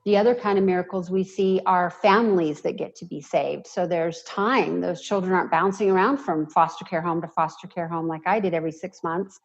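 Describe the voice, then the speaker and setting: A woman's voice: fairly low pitch, fairly even intonation, fairly quick, few pauses. A middle-aged woman directing a charity, speaking earnestly and from the heart as an interview guest. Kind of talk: interview conversation. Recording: dull, muffled audio.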